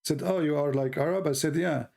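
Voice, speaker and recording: A man's voice: on the high side, a little fast, vocal fry, a little mellow. A middle-aged man from the Middle East with a Middle Eastern accent, delivering a mocking, sarcastic livestream monologue in broken English. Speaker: show host.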